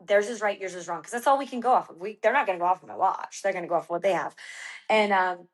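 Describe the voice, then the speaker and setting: A woman's voice: on the low side, lively intonation, fast. A woman guest on a podcast, telling a story casually with many fillers and acting out her own quoted lines.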